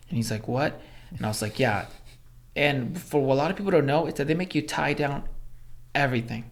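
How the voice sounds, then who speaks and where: A man from Los Angeles, a former Army Ranger, telling stories as a podcast guest, animated, swearing, acting out quotes. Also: medium pitch, brisk. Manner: animated storyteller, acts out quotes, swears, many fillers. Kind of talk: casual storytelling in interview.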